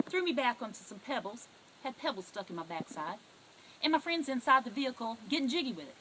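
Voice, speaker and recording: A middle-aged Southern US woman telling stories as a comic talk show host, her voice sitting fairly high and swooping widely up and down. She speaks in a folksy, animated way, with a faint hiss of noise behind her. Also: rough recording. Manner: folksy, animated storytelling with sudden loud outbursts. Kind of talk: comedic monologue to camera.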